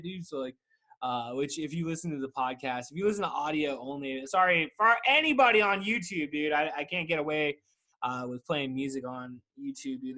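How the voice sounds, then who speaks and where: A man's voice: a little high, bright, forceful tone. A young man hosting a podcast, rambling casually with lots of swearing and "dude". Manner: rambling, profane, says "dude" constantly. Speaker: podcast host. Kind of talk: casual chat.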